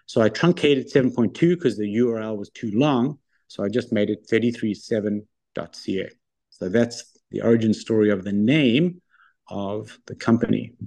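Confident middle-aged man, low voice. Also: creaky, dark tone. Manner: confident, brisk anecdotal storytelling. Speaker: guest, wealth firm founder. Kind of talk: casual interview storytelling.

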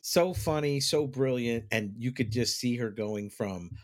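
Playful podcast host riffing. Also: male voice, medium pitch, a little slow. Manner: reactive, playful, thinks aloud. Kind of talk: casual chat.

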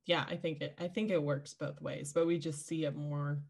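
A woman co-hosting a podcast in casual chat, talkative and animated, with quick asides. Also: low voice, gravelly, breathy edge. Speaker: podcast co-host.

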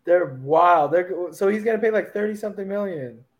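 A podcast co-host chatting casually, reacting and laughing easily. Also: male voice, high voice, a little fast, rough recording. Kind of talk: casual chat.

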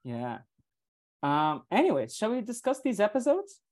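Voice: medium pitch, wildly swooping pitch, normal speed, darkish tone. A podcast host leading casual chat, teasing the co-hosts and using playful slang.

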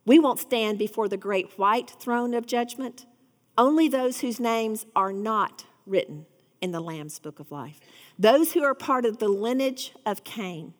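A woman's voice: a little high, lively intonation, a little slow, big-room sound. A woman giving an earnest devotional Bible teaching, rising to fervent emphasis.

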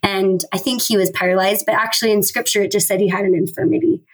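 A woman in her thirties sharing a personal faith testimony on a podcast, earnest and emotional, with halting restarts. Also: medium pitch, steady tone, low-quality recording. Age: 30s. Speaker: podcast guest.

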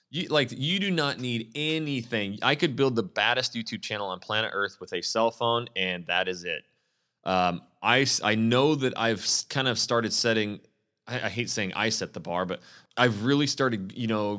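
Blunt, lower-voiced man coaching casually. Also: fairly bright tone. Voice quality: blunt, enthusiastic, slangy. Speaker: real estate agent coaching others on video. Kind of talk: casual live Q&A.

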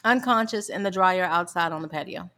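Lower-voiced mother telling a family story. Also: fairly quick. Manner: animated storyteller, laughs often.

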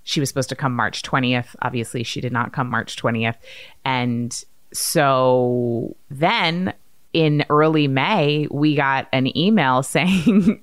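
A woman in her thirties hosting a podcast, telling a story in a lively, chatty way and acting out quotes. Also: a bass voice, slow pace, no echo. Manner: animated storyteller, acts out quotes. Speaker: podcast host. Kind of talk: casual chat.

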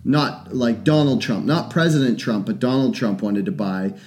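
A man in casual podcast chat, rambling and opinionated, swearing often as he thinks out loud. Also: medium pitch, animated, moderate pace.

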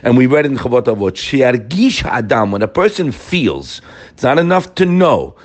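A man's voice: medium pitch, big pitch swings, moderate pace, a little mellow. A man giving an informal Torah class, talking straight to his listeners and repeating key phrases for emphasis. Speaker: Torah teacher.

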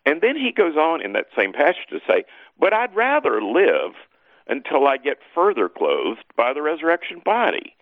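A man giving a lively, emphatic teaching talk as a guest scholar, leaping up in pitch to stress his points. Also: moderate pace, no room sound, phone-quality sound.

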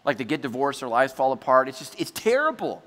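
A man preaching a sermon to his congregation, chatty and joking, acting out quick asides as he goes. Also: medium pitch, very animated, fairly bright tone. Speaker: pastor. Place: church hall before a congregation. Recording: large hall with long reverb.

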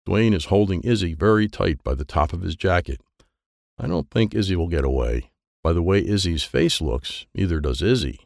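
Gravelly male storybook narrator. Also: low voice, expressive, moderate pace, a little mellow, dry recording, studio quality. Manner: simple, childlike storytelling. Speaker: audiobook narrator. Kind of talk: first-person children's storybook narration.

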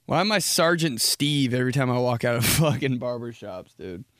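A young man hosting a solo podcast, rambling and profane, breaking into loud impressions. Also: mid-range voice, normal speed, dry recording, studio quality. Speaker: podcast host. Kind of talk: casual solo podcast monologue.

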